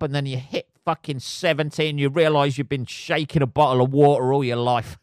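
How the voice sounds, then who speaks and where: A man hosting his own podcast, ranting casually with lots of swearing and trailing off into low mutters. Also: steady tone, fairly quick, few pauses, no echo, studio quality. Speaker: podcast host. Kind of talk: casual solo rant.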